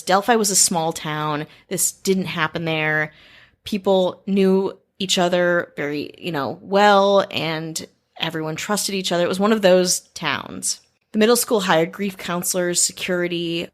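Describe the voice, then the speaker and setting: A woman co-hosting a podcast, narrating a true crime case in an earnest, steady storytelling manner with side comments. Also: lowish voice. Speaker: podcast co-host.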